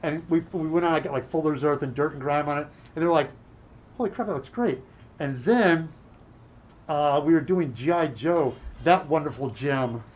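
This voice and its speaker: A middle-aged man telling work stories in a casual chat, animated and acting out other people's lines. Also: a little high. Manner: animated, acts out dialogue in quick bursts. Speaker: guest.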